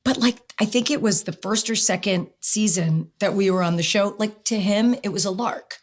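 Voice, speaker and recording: A middle-aged woman telling a personal story as an interview guest, lively and quick to act out what people said. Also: medium pitch. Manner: animated storyteller, acts out quotes.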